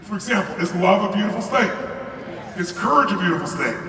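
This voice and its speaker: An older motivational speaker gives a live keynote in a large arena, emphatic and profane, firing questions at the crowd. His high, animated voice moves briskly, heard from far off with arena echo and crowd noise.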